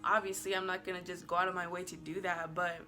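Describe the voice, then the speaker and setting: Over soft background music, a woman vlogger with a lowish voice talks fast with little pitch movement and a sharp tone. Her casual storytime to camera is chatty and rambling, packed with "like," and she's giggly and bubbly, playfully apologizing along the way.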